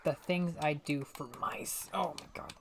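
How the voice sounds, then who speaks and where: Young woman, game streamer, low voice, playful muttering and casual swearing. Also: steady tone, a little slow, a little hiss or hum. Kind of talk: casual gaming livestream commentary.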